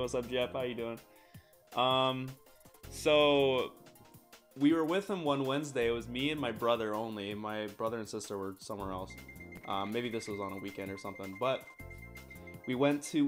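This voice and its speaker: A young man from the United States telling a rambling, laughing story on a live stream, swearing often. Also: medium pitch.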